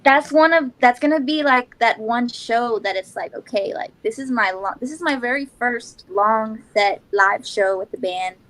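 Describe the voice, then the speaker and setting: A woman's voice: a little high, moderate pace, few pauses, a bit bright, poor audio. A young woman singer being interviewed, chatting casually and laughing often. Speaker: guest singer.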